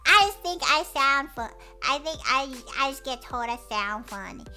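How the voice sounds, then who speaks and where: A woman streamer chatting casually with viewers in a cutesy voice, telling stories in an animated, giggly way and squealing when excited. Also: high-pitched, normal speed, over music. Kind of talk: casual chat.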